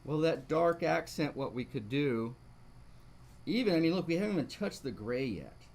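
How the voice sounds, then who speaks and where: A man's voice: on the high side, sing-song, normal speed, gravelly, a little mellow. A man teaching a live online painting lesson, talking through each step and asking rhetorical questions. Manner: talks through steps, asks rhetorical questions. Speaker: painting instructor.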